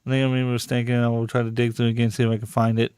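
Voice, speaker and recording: Male podcast host, heated profane rambling delivery, crisp tone, dry sound. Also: medium pitch, monotone, racing, a little mellow, no echo. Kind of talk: casual live podcast chat.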